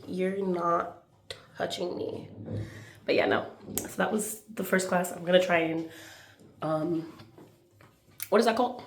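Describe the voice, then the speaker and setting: A woman in her twenties vlogging, telling stories to the camera in a lively, chatty way and acting out the dialogue. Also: lowish voice. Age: 20s. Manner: animated, acts out dialogue, laughs often. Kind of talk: casual storytelling to camera.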